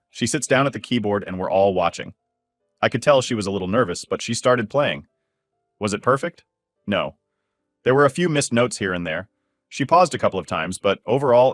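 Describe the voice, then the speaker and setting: Man narrator in his thirties, low voice, close and dry, faint music behind, candid and indignant. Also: fairly bright tone, no room sound. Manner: candid, indignant storytelling with swearing. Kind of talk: first-person story narration.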